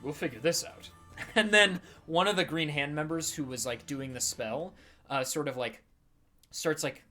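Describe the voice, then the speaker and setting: A man's voice: fairly high pitch, measured pace, bright, forceful tone, soft background music. A man narrating a tabletop game as game master, in a casual, loose way with many fillers.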